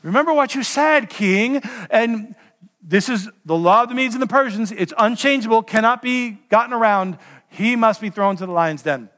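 Scheming male court officials pushing a king to uphold his decree, as a preacher puts them on. The voice sits high and insistent. A long reverb trails each phrase. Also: animated, normal speed, fairly bright tone.

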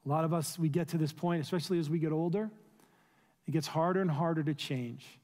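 A man's voice: a little high, a little fast, a little mellow. A male pastor preaching a sermon, earnest and pleading, asking his listeners rhetorical questions. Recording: long reverb of a large room.

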